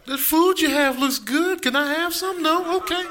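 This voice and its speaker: A man voicing a pitiful hungry dog begging at the table, whiny and high. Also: moderate pace, background noise.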